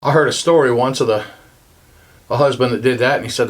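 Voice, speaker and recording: A man's voice: mid-range voice, fast, pauses often, in a large hall. A man preaching a humorous sermon as pastor, telling stories and joking. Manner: storytelling, jokey, acts out voices of others. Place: church sanctuary.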